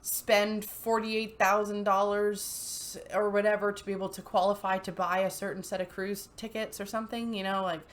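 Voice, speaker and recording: Woman host, casual commentary, chatty, giggly, mid-pitched voice. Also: level tone, moderate pace, few pauses. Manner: chatty, giggly, full of fillers. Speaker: channel host.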